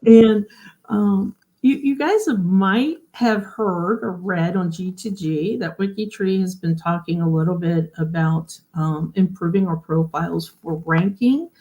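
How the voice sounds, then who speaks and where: Hosting a laid-back genealogy livestream, this woman speaks in a fairly low, mellow voice at a slightly slow pace, with the high frequencies cut off. Her explanations are conversational, and she often turns to her audience with questions.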